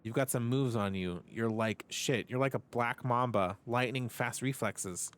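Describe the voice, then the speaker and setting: A man's voice: medium pitch, unhurried, close to an everyday voice. A man reading as a cocky brawny street thug. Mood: taunting. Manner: taunting and swaggering, read flatly. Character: brawny cocky male street fighter mugging an old man.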